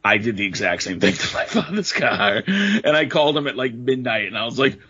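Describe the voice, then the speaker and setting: A man's voice: medium pitch, brisk, husky. A man telling a story on a casual podcast, swearing a lot. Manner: animated, heavy swearing. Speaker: podcast co-host. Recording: dull lo-fi podcast audio.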